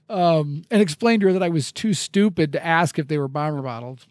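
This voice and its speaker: A man's voice: fairly high pitch, fairly quick, hardly any pauses, no room sound, studio quality. A middle-aged man hosting a podcast, telling a rambling, self-mocking story at a casual pace, with restarts and laughs. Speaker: podcast host.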